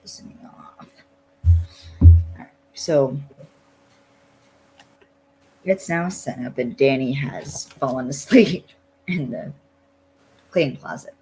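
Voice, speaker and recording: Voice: medium pitch, takes it slowly, pauses often, warm tone, faint music behind, low-quality recording. A podcast co-host in casual chat, retelling things loosely with many "like" fillers.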